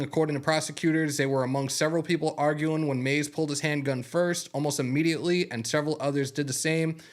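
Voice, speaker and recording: A man hosting a fan sports show on a live stream, chatting loosely with swearing and then reading a news rundown. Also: fairly high pitch. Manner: loose and profane, openly moved by a fan's gift. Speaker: sports podcast host.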